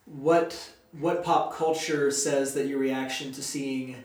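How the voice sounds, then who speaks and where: A man's voice: medium pitch, fairly even intonation, slow pace, a little mellow. A man leading a casual Bible study, talking in a chatty, rambling way. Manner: chatty, rambling, uses fillers. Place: church meeting room. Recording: echoey room, distant mic.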